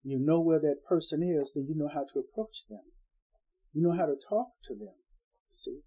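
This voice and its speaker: A man's voice: a little high, moderate pace, mellow, slightly rough, rough recording. A man preaching an informal Bible-study sermon in a folksy, conversational way, acting out the people he quotes.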